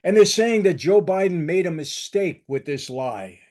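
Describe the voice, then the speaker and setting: A man's voice: high-pitched, lively intonation, moderate pace, hardly any pauses, a little mellow. An older man hosting his own channel, delivering an emphatic, combative political commentary with lots of repetition. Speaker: channel host.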